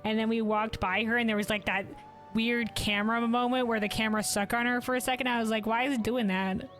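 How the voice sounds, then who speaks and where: Woman streamer, excitable and foul-mouthed, a bit high, faint game music under. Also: fast. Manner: laughs often, swears freely, excitable. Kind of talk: casual gameplay commentary.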